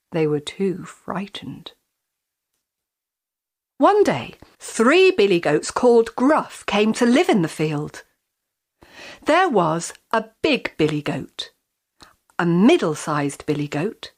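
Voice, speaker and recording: Woman storyteller, children's fairy tale, animated, lively pitch, slow pace. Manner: expressive, animated.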